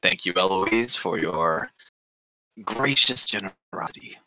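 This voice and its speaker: A man's voice: low voice, animated, unhurried, sharp tone, dry recording, heavily acted, poor audio. A man voicing a wrinkled ancient male vampire who speaks in a formal, courteous way.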